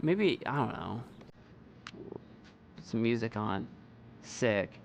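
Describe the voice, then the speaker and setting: An excitable man chatting his way through a game stream. His pitch swings widely as he lurches from mumbled asides into high, incredulous outbursts. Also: slow, gravelly, slight background noise. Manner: excitable, incredulous, jumps into loud high exclamations. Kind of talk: let's play commentary.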